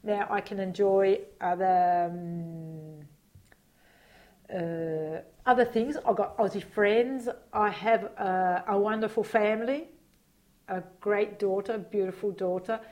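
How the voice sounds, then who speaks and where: A woman being interviewed reminisces casually, taking it slowly in a mid-range, slightly mellow voice. Her talk is hesitant and reflective, with lots of fillers and frequent laughter.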